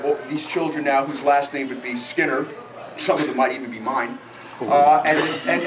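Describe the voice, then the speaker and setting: A middle-aged man from New Jersey giving a self-deprecating roast speech to friends at an event. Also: on the high side. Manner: joking, self-deprecating storytelling. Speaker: roast speaker. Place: event room with guests. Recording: echoey room from far off, noisy.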